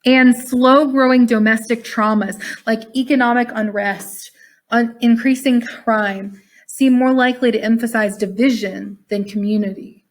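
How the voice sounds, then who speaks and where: A woman teacher with a fairly high voice and fairly even intonation speaks at a measured pace. Over a video call, she reads a text aloud to her online class and explains it in a relaxed, chatty way, sounding tired and saying "y'all" to the group.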